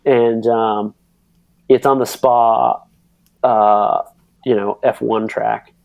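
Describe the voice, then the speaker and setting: A man in his thirties telling a racing story on a podcast, rambling and animated with lots of fillers and acted-out quotes. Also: fairly low pitch, very slow, vocal fry, no echo. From United States. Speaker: podcast guest, pro cyclocross racer. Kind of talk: casual storytelling.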